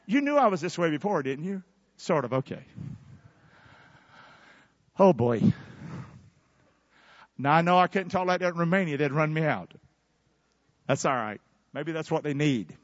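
A man preaching a sermon, calling on his congregation to answer back and bursting out loudly before drawing words out for emphasis. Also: a little high, very animated, no room sound, lo-fi sound. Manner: preaching with sudden loud bursts and drawn-out emphasis. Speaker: pastor. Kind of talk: fiery sermon with call-and-response.

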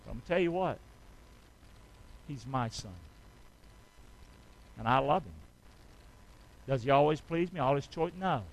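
A man's voice: medium pitch, lively intonation, a little slow, vocal fry, long pauses, rough recording. A middle-aged man preaching a sermon as pastor, calling out to the congregation for amens and answers. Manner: call-and-response preaching, asking the congregation for amens.

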